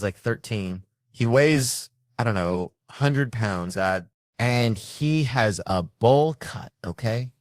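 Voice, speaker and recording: A comedian telling comic stories in an animated, swearing way, jumping up in pitch for the voices he quotes. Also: dry recording, studio quality. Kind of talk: comedic storytelling.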